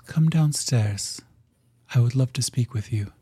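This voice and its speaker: A man's voice: mid-range voice, measured pace, warm tone, breathy edge, no room sound. A man voicing a courteous otherworldly entity.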